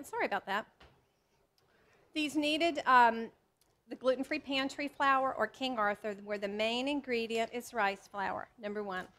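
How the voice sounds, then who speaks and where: Woman, high voice, chatty cookbook author demoing recipes live, self-deprecating. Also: fairly bright tone. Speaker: cookbook author doing a cooking demo. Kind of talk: live cooking demonstration to an audience. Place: teaching kitchen with a live audience.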